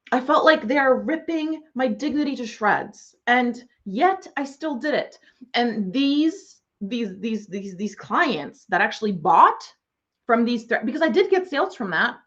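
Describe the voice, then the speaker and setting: A woman's voice: on the high side, lo-fi sound. A woman ranting in a monologue as an online business coach, sarcastic, swearing freely and mocking other people in exaggerated voices.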